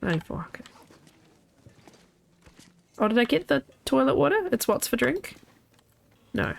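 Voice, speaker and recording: A woman's voice: high-pitched, sing-song, moderate pace, gravelly. A woman in her thirties streaming a video game, chatting casually with her viewers in a rambling way that trails off and restarts.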